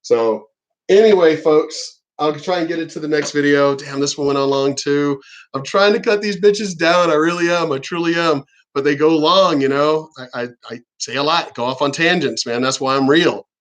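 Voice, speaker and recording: Casting note: a man vlogging, rambling and profane, a bit high-pitched, laughs often. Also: moderate pace. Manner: rises higher and louder when ranting. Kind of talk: casual rambling monologue.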